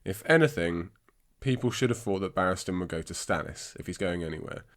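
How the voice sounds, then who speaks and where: A man's voice: low-pitched, lively intonation, a little fast, fairly bright tone. A man hosting a book podcast, congested and with a scratchy throat, chatting in a rambling, self-deprecating way. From England. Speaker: podcast host. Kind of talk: casual podcast chat about books.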